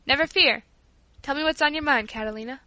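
Woman reader voicing a gentle storybook father, tender and earnest, high bright tone. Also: brisk, no echo. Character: gentle caring father of a family.

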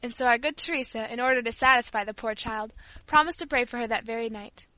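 A woman reading a story aloud in steady, measured narration. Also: on the high side, dry recording.

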